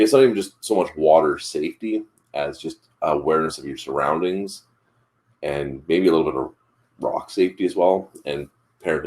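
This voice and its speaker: A man's voice: very deep voice, darkish tone. A man hosting a live morning chat show, telling a family story in a casual, rambling way with lots of fillers and restarts. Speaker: father.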